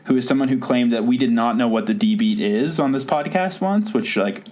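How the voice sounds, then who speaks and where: A man with a mid-range, darkish-toned voice hosts a podcast, talking a little fast. The chat is casual and rambling, and he laughs often, clearly amused by his own stories.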